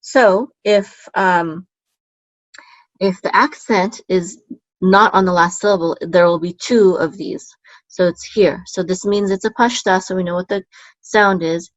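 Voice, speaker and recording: Lady teacher walking through hebrew chant marks, slow and patient, dry dull lo-fi sound. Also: fairly even intonation, no room sound. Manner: patient and plain, with many fillers; chants the trope words slowly and higher. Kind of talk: online lesson with chanting.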